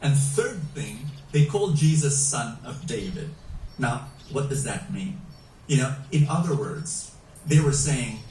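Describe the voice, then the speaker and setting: Lively, slow-paced male preacher. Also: mid-range voice, a little hiss or hum. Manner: animated, emphatic preaching with rhetorical questions. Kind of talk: sermon. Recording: echoey room, mic at a distance.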